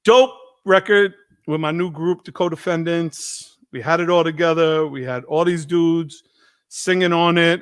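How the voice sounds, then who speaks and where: A man hosting a live stream, telling stories in a casual, profane, animated way. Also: fairly high pitch, measured pace, clean tone, no room sound, clean studio sound. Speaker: host.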